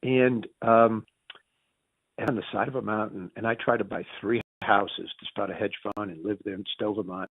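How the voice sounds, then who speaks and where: A middle-aged man telling a story casually in an interview, animated and jumping in pitch when excited. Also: husky, no room sound. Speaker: interview guest. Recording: tinny phone-like sound.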